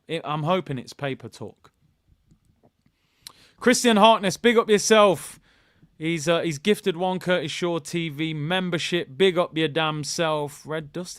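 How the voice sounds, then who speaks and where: A man hosting a live football watchalong, chatting with his viewers and shouting at good news. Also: on the high side, clean tone, no room sound, studio quality. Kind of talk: live fan stream chat.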